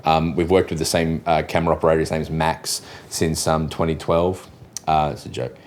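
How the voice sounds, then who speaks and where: An Australian comedian telling a story in casual chat, rambling and swearing freely. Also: male voice, a bass voice, little pitch movement, fairly quick, darkish tone, slight background noise.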